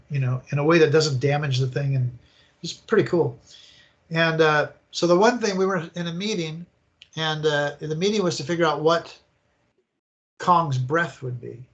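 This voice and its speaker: An older man telling animated, rambling stories as a guest in an interview, acting out the scenes as he goes. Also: on the high side, moderate pace, muffled recording. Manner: animated, rambling storyteller who acts out scenes. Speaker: guest, attraction designer. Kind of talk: casual interview storytelling.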